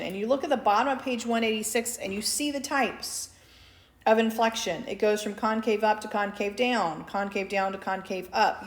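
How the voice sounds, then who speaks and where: Echoey woman teaching calculus. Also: medium pitch. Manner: conversational, asks for agreement with "right?"; lightly sarcastic asides. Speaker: math teacher. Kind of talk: recorded calculus lecture. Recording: echoey room.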